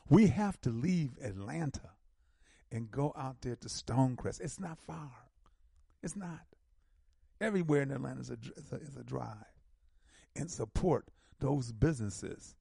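A man hosting a community radio show, reading out local announcements and repeating phone numbers slowly with emphatic stresses. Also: medium pitch, expressive, vocal fry, dark tone, husky, no room sound, studio quality.

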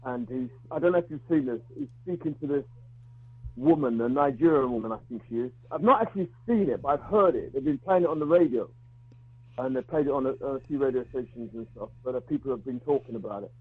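A man calling in to a talk radio show, speaking in a halting way with frequent restarts and repeated words while bluntly arguing his view. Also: mid-range voice, slightly rough, no room sound. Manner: outspoken, argues his view. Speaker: radio call-in caller. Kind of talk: phone-in talk radio call. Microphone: telephone. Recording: tinny phone line.

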